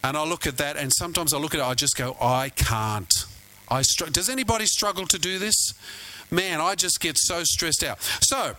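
A pastor delivers a sermon in a chatty, storytelling way, often turning to ask his listeners questions. His voice sits high for a man and sounds bright and forceful. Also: brisk, poor audio. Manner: storytelling, conversational, asks the congregation questions.

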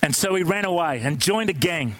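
A man preaching a sermon, telling a story in an animated, conversational way and asking the congregation questions. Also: fairly high pitch, fairly quick, no echo, rough recording.

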